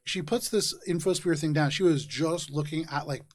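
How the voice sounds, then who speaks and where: A man's voice: fairly high pitch, moderate pace. A man running a tabletop game, narrating casually with many fillers. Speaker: game master.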